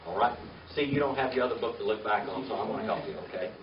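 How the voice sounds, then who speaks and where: An older Hebrew teacher with a fairly low voice and lively intonation races through a classroom lesson over crowd noise, patiently spelling out words. Coaxing his students, he checks in with "okay?" and "all right?" He sounds distant in a roomy space, and the lo-fi recording is dull with a faint hiss beneath it.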